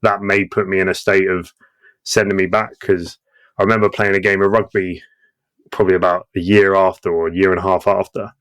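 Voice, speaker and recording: Guest: man, 30s, lowish voice, salty and animated, laughs through his own tales. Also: brisk. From Britain. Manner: profane, acts out quoted voices, laughs often. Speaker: guest veteran. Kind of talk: casual war storytelling.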